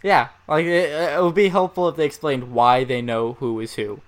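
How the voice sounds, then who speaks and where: A man co-hosting a casual chat, animated, jumping loud now and then with shouted sound effects. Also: fairly high pitch, moderate pace. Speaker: co-host.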